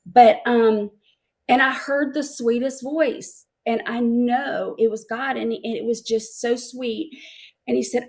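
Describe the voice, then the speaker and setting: A middle-aged woman giving an emotional personal testimony as an interview guest, halting and repeating words as she speaks. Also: a little high, fairly even intonation, darkish tone.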